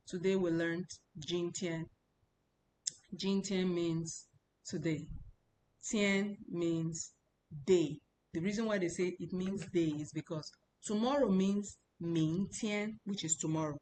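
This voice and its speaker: A young woman teaching a lesson in a slightly low voice, patiently going over each word more than once and checking that her students follow. A faint rumble sits under the recording. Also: darkish tone, poor audio. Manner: explains patiently, repeats words and checks understanding. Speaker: language teacher. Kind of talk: explaining a lesson.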